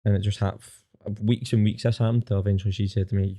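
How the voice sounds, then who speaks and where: A Scottish man in his twenties telling his own story candidly as a podcast guest, plain-spoken and rapid. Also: lowish voice, little pitch movement, dark tone.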